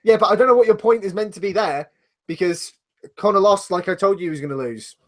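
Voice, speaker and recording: A man's voice: sits high, quick pace, fairly bright tone. A man with a British accent co-hosting a live podcast, blunt, sweary and argumentative. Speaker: podcast co-host. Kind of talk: casual live podcast banter.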